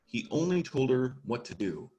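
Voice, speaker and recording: A man reading aloud as a gloomy but steadfast male marsh creature in a storybook, slow and earnest. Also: medium pitch, sing-song, dark tone, breathy edge, lo-fi sound. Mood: encouraging.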